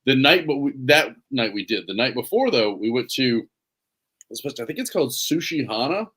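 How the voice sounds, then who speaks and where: A man's voice: mid-range voice, moderate pace, husky. A man co-hosting a podcast, chatting casually and rambling through stories. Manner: relaxed, rambling storytelling. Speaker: podcast co-host. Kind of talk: casual chat.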